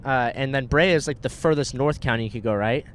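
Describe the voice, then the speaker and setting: A man's voice: mid-range voice, fairly quick, a bit bright. A young man from Southern California animatedly telling stories to a friend, swearing and saying "bro" and "dude" often. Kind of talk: casual storytelling to a friend. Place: inside a moving car. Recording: car ride with faint road noise.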